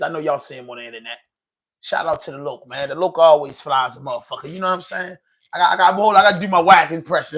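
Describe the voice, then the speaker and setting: A man's voice: sits high, fairly bright tone. A man hosting a podcast livestream, rambling loosely in slangy, profane casual commentary. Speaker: podcast host.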